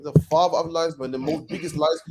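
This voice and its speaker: A man's voice: on the high side, steady tone, fast talker, a little mellow, slight background noise. A man from Birmingham, England, co-hosting a podcast in heated casual chat, preachy and slangy, ending lines with "man". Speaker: podcast co-host.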